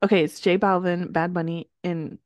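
A woman's voice: on the low side, little pitch movement, normal speed, a little mellow, dry recording, lo-fi sound. A woman co-hosting a podcast in casual chat, talking with lots of "like" and laughing often. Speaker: podcast co-host.

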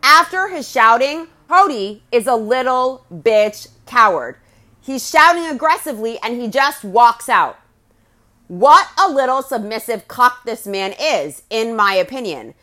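Woman, podcast host, fairly high voice, animated, blunt scornful commentary. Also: a little slow. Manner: blunt, scornful, crude put-downs. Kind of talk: opinionated recap commentary.

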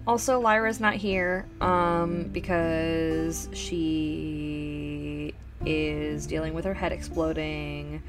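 A young woman playing a tabletop game over a voice call, quick and teasing. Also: low-pitched, level tone, music in the background. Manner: quick, teasing, laughing often. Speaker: player. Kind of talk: casual tabletop play over voice chat. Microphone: computer mic on a voice call.

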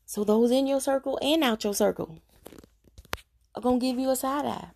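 A woman speaks earnestly to her viewers in a confessional devotional talk. Her voice is dark and mellow, with a gravelly fry running through it. She preaches directly at whoever is listening. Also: high-pitched, moderate pace. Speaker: Christian vlogger sharing her faith journey.

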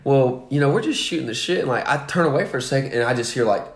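A young podcast host talks fast at medium pitch, swearing and laughing often as he tells animated stories in a casual chat. The room is echoey and the background noisy.

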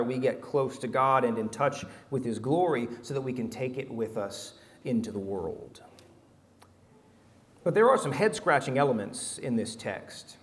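A man preaching a sermon as pastor, animated and humorous, swinging from loud to hushed. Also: mid-range voice, big-room sound.

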